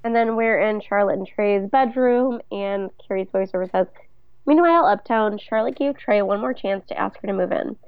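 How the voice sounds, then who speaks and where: A woman's voice: mid-range voice, moderate pace, clear, resonant tone, dry recording. A woman co-hosting a casual podcast, recapping a TV episode with dry, wry remarks and read-out quotes. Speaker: podcast co-host. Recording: dry, slightly dull mic sound.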